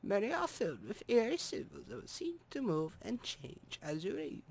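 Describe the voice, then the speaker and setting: A man voicing his own inner conscience with a put-on German accent, reading slowly and gravely in a game commentary. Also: sits high, huge pitch swings, voice pushed up, exaggerated voice. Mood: ominous. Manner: slow, grave storybook reading. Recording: loud music playing behind.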